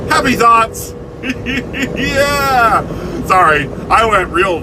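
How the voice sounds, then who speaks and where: A man's voice: very high-pitched, animated, extremely slow, noisy background. A man delivering a blunt, angry opinion rant with swearing and sarcasm, recorded inside a vehicle. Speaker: vlogger.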